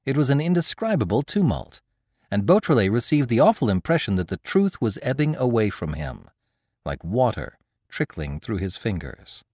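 A man narrating classic fiction as an audiobook, in measured storytelling. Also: on the low side, darkish tone, no room sound, studio quality. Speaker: audiobook narrator and podcast host.

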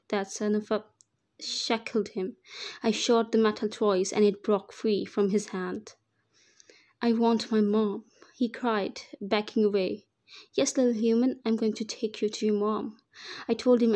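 Woman narrator, first-person fan fiction, flat, even reading voice. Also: mid-range voice.

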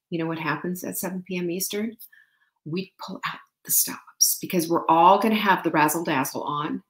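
A woman's voice: lowish voice, fairly bright tone, roomy sound. A middle-aged woman hosting a live online show, chatting with viewers in an upbeat, rambling way. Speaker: host. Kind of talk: live-stream chat with viewers.

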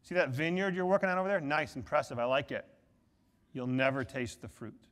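A man's voice: mid-range voice, a little fast, fairly bright tone, in a large hall, pitched below the performer's own voice, lightly acted. A man voicing God as stern and sardonic, mocking his people in a dry, unimpressed way.

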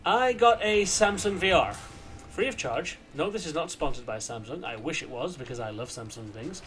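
Chatty young man, lively pitch. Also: normal speed, faint music behind. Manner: chatty, rambling, bursts into silly shouts. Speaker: gameplay commentator. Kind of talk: casual let's-play commentary.

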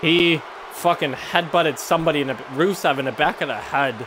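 A man's voice: a little high, steady tone, a little fast, noisy background. A man co-hosting a gaming video, talking in casual, joking, crude banter over gameplay. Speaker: gaming channel co-host. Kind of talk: casual let's-play banter.

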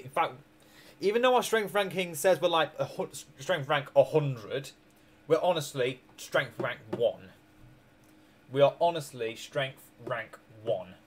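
A man streaming a strategy game, rambling through his moves with restarts and small chuckles while tired and hiccuping. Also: on the high side. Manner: rambling, self-correcting, chuckling. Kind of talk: casual gameplay commentary.

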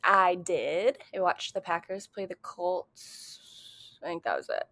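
A woman's voice: fairly low pitch, expressive, measured pace, fairly bright tone, no room sound. A woman co-hosting a casual podcast, answering with short, dry, teasing replies. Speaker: podcast co-host. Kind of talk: casual chat.

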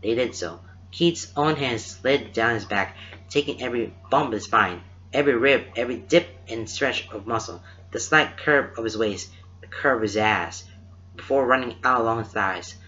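A man reading a story aloud in a steady, unhurried narration. His voice is bright and forceful at an ordinary middle pitch. The recording is dull and lo-fi. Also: soft background music. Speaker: fan fiction reader.

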